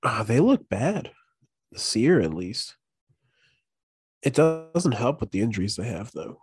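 A man's voice: medium pitch, sing-song, measured pace, a little mellow, slightly rough, no echo. A man co-hosting a casual sports chat, laid-back and matter-of-fact.

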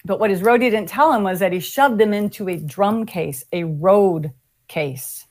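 Animated storytelling woman. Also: mid-range voice, moderate pace. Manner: animated storyteller, acts out voices, laughs a lot. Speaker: guest musician. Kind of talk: casual storytelling chat.

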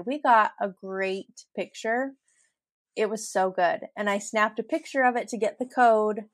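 A woman's voice: mid-range voice, no echo. Giggly chatty woman podcaster, dry sound. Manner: chatty and giggly, laughs through her stories. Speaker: podcast host. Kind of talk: casual solo podcast storytelling.

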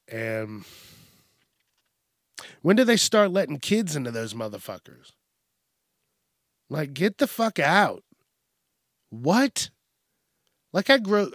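A man's voice: on the high side, a bit bright, no room sound, studio quality. A man hosting a podcast alone, ranting in a profane, casual way and briefly mimicking people. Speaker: podcast host. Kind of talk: casual solo rant.

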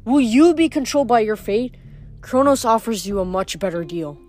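A woman's voice: a little high, expressive, moderate pace, a little mellow, faint music behind, natural voice. A woman reading as a coaxing, manipulative Titan. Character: smooth, manipulative male Titan.

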